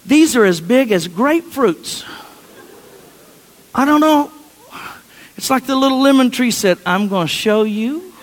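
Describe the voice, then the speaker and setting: High-voiced man preaching in an echoing hall. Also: unhurried, long pauses. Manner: chatty, anecdotal, frequent restarts. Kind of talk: sermon storytelling.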